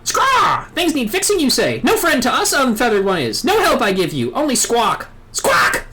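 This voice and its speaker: A woman's voice: on the high side, wildly swooping pitch, normal speed, pushed and bright, a little hiss or hum, voice pushed up, full character voice. A woman voicing surly male bird-man tribesmen who squawk, threaten, and speak in backwards word order. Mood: hostile squawking.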